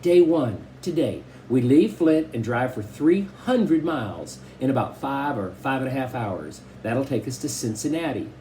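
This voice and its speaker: Guy reading as a mom going over her plan, matter-of-fact, lively up and down. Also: medium pitch, moderate pace, few pauses, a little hiss or hum, lightly acted, poor audio. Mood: planning. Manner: matter-of-fact, explaining step by step. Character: organized, careful mother reading out a trip plan.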